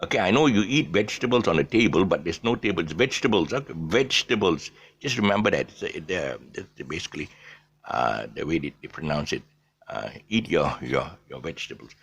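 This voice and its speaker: A man's voice: low-pitched, lively intonation, fast talker, slightly rough. A man giving a casual English pronunciation lesson, hesitant and full of fillers, often spelling words out letter by letter.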